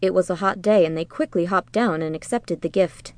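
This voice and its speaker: A woman narrating an audiobook in a measured, even storytelling manner, recorded close to the mic. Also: fairly low pitch, no room sound. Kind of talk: scripted narration.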